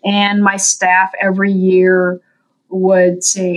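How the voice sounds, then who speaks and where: A woman telling a story as a guest in an interview, in an earnest, unhurried way, livening it up when she quotes people. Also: poor audio. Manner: animated, voices the people in her story with big pitch jumps. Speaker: guest from a veterans' services group.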